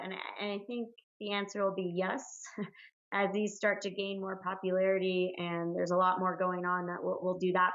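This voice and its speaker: A woman joining a podcast as a guest, talking in a relaxed, rambling way. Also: medium pitch, lo-fi sound. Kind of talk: casual chat.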